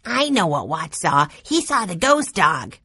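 A woman voicing an eager, excitable young boy in a storybook reading. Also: on the low side, a little slow, slightly rough, no echo, clean studio sound, full character voice. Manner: earnest and excited.

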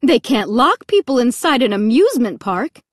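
A woman's voice: fairly high pitch, big pitch swings, moderate pace, no room sound, studio quality. A woman doing an anxious, exclaiming mother. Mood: alarmed. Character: worried mother trying to stay calm.

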